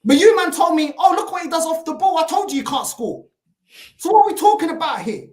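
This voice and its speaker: Exasperated woman ranting, high bouncy voice, roomy echo. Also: expressive, brisk, darkish tone. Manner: exasperated, mocking, repeats "bro". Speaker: panelist. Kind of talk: heated fan rant. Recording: echoey room.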